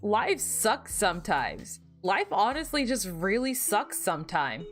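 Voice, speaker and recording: Hoarse young woman rambling on stream. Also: mid-range voice, big pitch swings, measured pace, a bit bright, faint music behind. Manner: rambling, self-deprecating, frequent restarts and fillers. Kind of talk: casual livestream chat.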